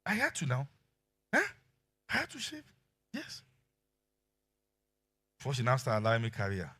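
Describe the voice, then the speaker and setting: A middle-aged man with a Nigerian accent preaching a sermon as pastor, telling animated stories and acting out quotes. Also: mid-range voice, moderate pace, slightly rough. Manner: animated storytelling with acted quotes and laughter.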